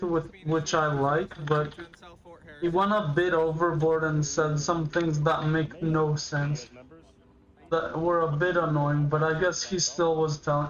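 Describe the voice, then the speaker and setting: A man's voice: on the high side, fairly bright tone, highs cut off. A man in his late teens chatting casually and musing aloud while reacting to a video on a livestream. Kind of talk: casual rambling chat.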